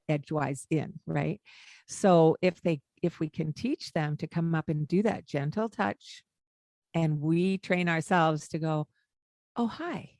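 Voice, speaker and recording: An older woman co-hosting a parenting podcast, speaking gently and reflectively in casual conversation, with hesitant fillers. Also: low-pitched, no room sound, studio quality. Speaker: podcast co-host.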